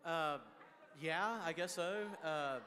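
A man's voice: fairly high pitch, takes it slowly, noisy background. A man with a Texan accent answers student questions in a casual, joking, folksy way during a school chapel. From Texas. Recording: reverberant chapel hall.

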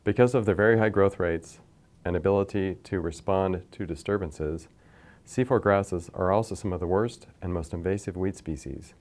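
A man lecturing from slides in a measured, explanatory way, pointing to figures as he goes. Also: low voice, a little mellow. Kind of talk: scripted science lecture over slides.

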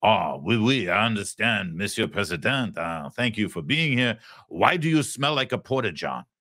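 Man doing a sneering French leader with an overplayed accent, voiced low and gloating. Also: very animated, normal speed, sharp tone, no echo, clean studio sound, heavily acted. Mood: mocking. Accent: put-on French. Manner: exaggerated, clumsy comic accent. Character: mocking French-accented male president, snooty.

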